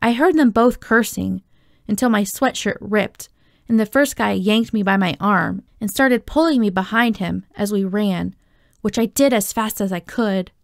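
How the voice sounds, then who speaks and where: A woman reading a children's novel aloud, telling the story in a steady, expressive way. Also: medium pitch, normal speed, creaky, no room sound, studio quality. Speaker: audiobook reader.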